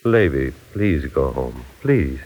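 A man's voice: very deep voice, sing-song, breathy edge, full character voice. A grave, protective father. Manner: slow, pleading, firm. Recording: dull old recording with long reverb.

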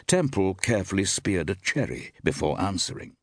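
A man narrating an audiobook in an expressive, measured storytelling manner. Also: low voice, dry recording, studio quality.

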